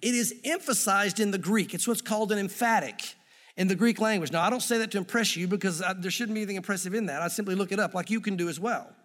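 High-voiced male pastor in a reverberant hall. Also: fast talker. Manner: animated, conversational preaching with asides. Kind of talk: sermon. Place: church sanctuary. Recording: long reverb of a church hall.

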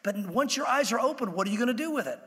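A man's voice: extremely high pitch, animated, very fast, sharp tone, big-room sound. A man preaching a sermon in a conversational way, acting out the voices he quotes. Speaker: pastor.

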